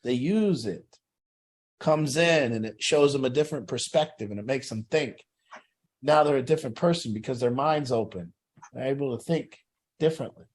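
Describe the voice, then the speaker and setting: A man's voice: medium pitch, normal speed. A middle-aged man leading a recovery group, telling a personal story in a blunt, profane way.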